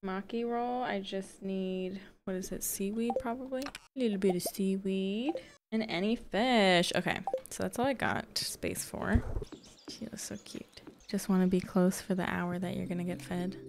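A woman's voice: medium pitch, normal speed, background noise. Bubbly woman chatting over gameplay. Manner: chatty, bubbly, gasps with excitement. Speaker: gaming video host. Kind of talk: casual let's-play commentary. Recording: faint game music behind.

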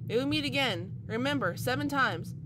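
A woman voicing a girl who urgently warns a stranger and guides them out, in a lower, hushed voice, reading video game dialogue aloud. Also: lively intonation, normal speed, background noise.

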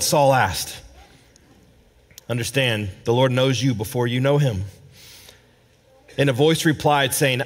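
A male pastor preaching a sermon at a church service. He swings dramatically between loud emphasis and hushed, low asides, sometimes repeating words as he searches for a phrase. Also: unhurried, pauses often. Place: church service with a responding congregation.

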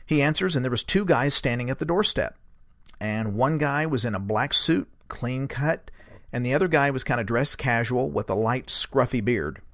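A man casually retells a source's encounter as host, in a relaxed, rambling way with fillers and lively quoted speech. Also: medium pitch, normal speed, no room sound, clean studio sound. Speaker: host recounting a source's story. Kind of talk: conversational storytelling.

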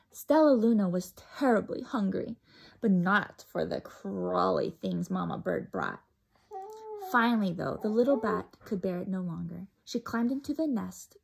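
A woman teacher reading a picture book aloud to a child, with slow, expressive storytelling and hushed asides. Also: mid-range voice, vocal fry, breathy edge, rough recording.

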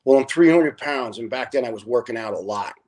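A middle-aged man, a retired fire lieutenant guesting on a podcast, telling stories in a casual, animated way, acting out dialogue and swearing freely. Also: medium pitch, brisk. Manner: animated, profane storyteller who acts out dialogue. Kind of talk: casual storytelling.

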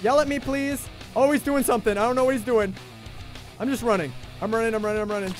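A young man streaming a game live, chatting with viewers in an excitable, jokey way and repeating himself when he panics. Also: extremely high pitch, quick pace, faint music behind. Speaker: gaming livestreamer. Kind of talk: excitable live gameplay commentary.

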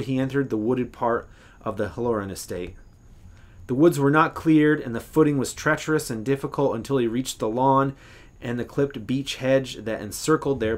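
A male English professor reads a literary short story aloud. His delivery is measured and expressive, with a few small self-corrections along the way. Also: mid-range voice.

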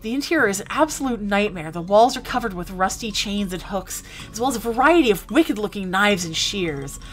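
A woman's voice: mid-range voice, animated, fairly quick, soft background music. A young woman streaming a game live, chatting casually and reading game text aloud playfully.

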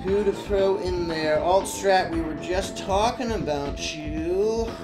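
A man live-streaming to his chat in a crude, rambling, excitable way, swearing freely. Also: high voice, takes it slowly. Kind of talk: casual live-stream chatter to viewers. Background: game music.

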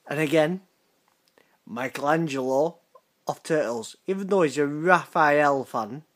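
A man's voice: on the high side, a little slow, fairly bright tone. A British man hosting a gaming channel, reacting to voicemails in a laid-back, swearing, laughing way. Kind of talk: casual reaction commentary.

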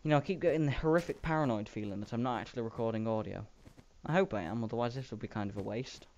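A man's voice: mid-range voice, rapid-fire, darkish tone. Rambling man narrating his gameplay. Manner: rambling, self-mocking, playful sound effects. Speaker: Minecraft let's player. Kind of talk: casual gameplay commentary. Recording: dull lo-fi home mic with faint hiss.

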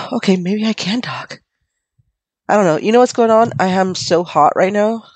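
A woman's voice: mid-range voice, moderate pace, dry recording. A woman hosting her podcast while sick in bed, coughing, her voice going, rambling casually and swearing. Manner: rambling, self-deprecating, profane. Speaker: podcast host. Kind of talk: casual solo podcast chat. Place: in bed at home.

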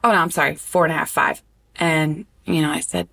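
A woman guest in a casual interview conversation who talks with animated expression and often stops on an um. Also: deep voice, a little fast, creaky. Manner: animated and expressive, breaks into laughter; hesitant with frequent ums.

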